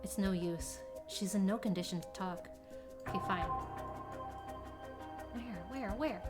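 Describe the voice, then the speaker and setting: This horror-game streamer reads the dialogue aloud in an unhurried, mid-range voice, with loud music playing. Her reactions are dramatic, jumping from soft whispers to sudden yelps.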